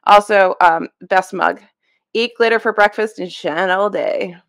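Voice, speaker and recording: A woman's voice: medium pitch, a little slow, a bit bright. A woman hosting a casual reaction video about books, talking in a rambling, wryly exasperated way at home before work. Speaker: book commentary video host. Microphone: streaming webcam setup.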